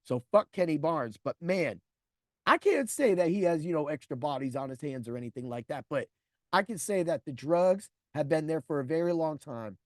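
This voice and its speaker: A man in his forties tells a personal story on his podcast, blunt and heavy on profanity. His pitch swings widely as he acts out other people's lines. The recording is dry and close, with no room sound. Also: animated, moderate pace, a little mellow, no echo. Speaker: podcast host.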